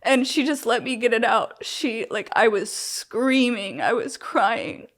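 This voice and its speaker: A woman's voice: on the high side, measured pace, fairly bright tone. A young woman with a slightly raised voice talks openly about her own experiences. Her speech rambles, full of "like" and self-corrections, yet stays frank and emotionally open. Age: young adult. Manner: rambling, heavy on "like" fillers and restarts. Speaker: interviewee. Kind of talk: candid personal storytelling.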